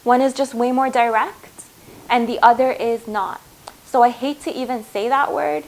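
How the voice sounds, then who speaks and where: A woman's voice: high voice, gravelly, rough recording. A woman giving a heartfelt spiritual tarot reading, earnest and reassuring, speaking to viewers as her loves. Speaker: tarot reader.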